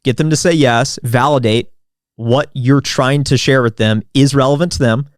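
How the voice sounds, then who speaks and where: A man's voice: medium pitch, steady tone, normal speed, dry recording, studio quality. A man who is a sales expert, giving direct, step-by-step advice in an interview. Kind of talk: instructional interview answer.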